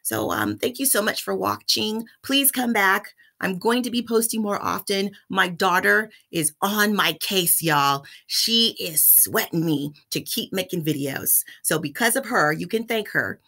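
A middle-aged woman telling a story in a casual vlog, chatty and animated, calling her viewers y'all. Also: medium pitch, a little slow, hardly any pauses. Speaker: vlogger.

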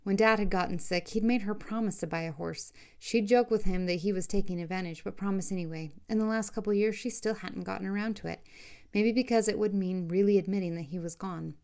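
A woman, the author, narrating her own romance novel as an audiobook in a steady, unhurried reading. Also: medium pitch.

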